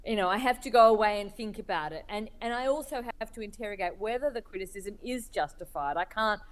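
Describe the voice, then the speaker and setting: A woman being interviewed as a cartoonist, speaking in a thoughtful, halting way as she searches for words. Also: medium pitch. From Australia. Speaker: cartoonist guest. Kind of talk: reflective interview talk.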